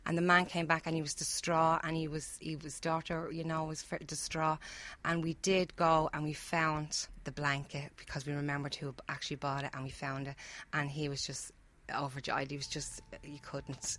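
A woman from Ireland who works at a charity shop, telling a story in an earnest, halting way. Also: sits low, little pitch movement, fairly bright tone. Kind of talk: casual storytelling.

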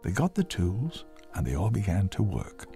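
Man, storybook narrator, low voice, gravelly, very lively intonation, gentle delivery. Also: normal speed, faint music behind. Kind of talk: children's storybook reading.

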